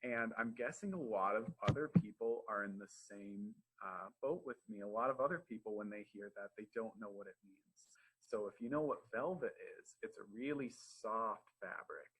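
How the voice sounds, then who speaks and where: Young male storytime reader: bright, a touch husky, animated and encouraging with little listeners. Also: fairly low pitch, moderate pace, few pauses, poor audio. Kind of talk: reading aloud to preschoolers.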